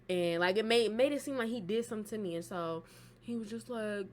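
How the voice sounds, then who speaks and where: A woman's voice: medium pitch, brisk, a little hiss or hum. A woman casually telling a personal story on her vlog, loose and profane, with plenty of fillers. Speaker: storytime vlogger.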